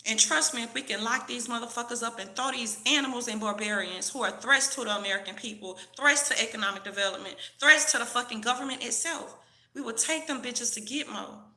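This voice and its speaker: A woman rants to her camera in a heated, profane, sermon-like way. Her voice is gravelly and sharp, pitched a little high, and it bounces around an echoey room. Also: fairly quick. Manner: profane, preachy, heated rant. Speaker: vlogger. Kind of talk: ranting commentary to camera.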